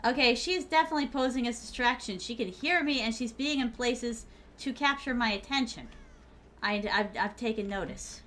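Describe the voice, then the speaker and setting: A woman's voice: on the high side, moderate pace, bright, forceful tone, a little hiss or hum. A young woman from the American South with a Southern accent, streaming a game and commenting live in a playful, teasing way, calling viewers by pet names. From Southern United States.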